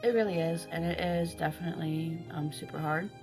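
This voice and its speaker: Earnest woman co-host, candid casual chat, slightly low voice, thinks as she talks. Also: brisk, over music. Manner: earnest, reflective, hesitant. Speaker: podcast co-host.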